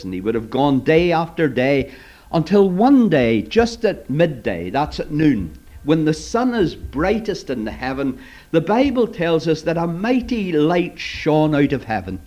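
Retelling a Bible story to children, a male preacher speaks to them directly in a storyteller's way. His voice sits fairly high and has a slightly mellow quality. The lo-fi recording sounds dull.

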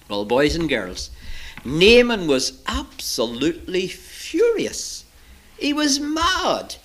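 A man tells a Bible story to children in a dramatic, animated style. His voice sits a little high and rises and falls widely as he builds each moment. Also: takes it slowly.

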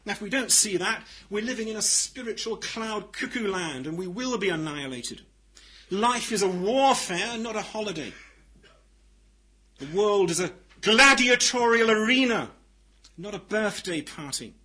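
A man delivers a sermon in a high, bright voice with a husky edge. He phrases each line deliberately and with emphasis, then swings from near-whispered passages up to ringing declarations. The tone stays bright even at its quietest. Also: rough recording. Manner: dramatic swings from loud declaration to hushed tones. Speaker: preacher.

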